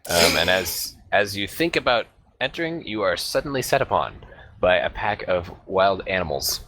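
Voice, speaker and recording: Deep-voiced hesitant man as game master. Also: big pitch swings, normal speed, fairly bright tone, slight background noise. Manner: hesitant, filler-heavy, chuckling. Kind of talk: narrating a tabletop game.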